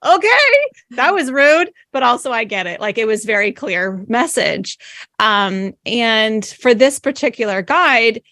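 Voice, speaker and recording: Higher-voiced woman, dry close sound. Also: animated, a little slow, bright, forceful tone, no room sound. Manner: chatty, storytelling, asks questions. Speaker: podcast guest, also a podcast host. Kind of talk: casual interview chat.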